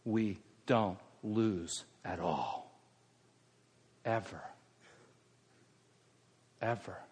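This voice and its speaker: Middle-aged preacher in a reverberant hall. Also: male voice, lowish voice, very slow, breathy edge. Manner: swings from raised emphatic preaching to hushed, near-whispered delivery. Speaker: pastor. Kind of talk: sermon.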